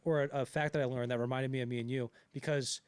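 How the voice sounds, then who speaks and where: A man's voice: medium pitch, fairly even intonation, fast, a little mellow, clean tone, dry recording. A man co-hosting a casual podcast about a film, rambling with lots of fillers and restarts. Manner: rambling, many fillers and restarts, acts out quotes. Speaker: podcast co-host.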